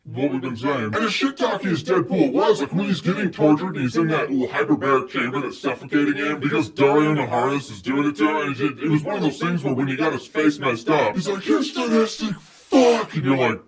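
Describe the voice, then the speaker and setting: A young man talks through a movie review in a loose, irreverent way, cursing casually as he goes. His voice sits a little high, and he sounds set back from the microphone. A loud crowd keeps going behind him. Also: quick pace, hardly any pauses, distant mic. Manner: animated and irreverent, swears freely.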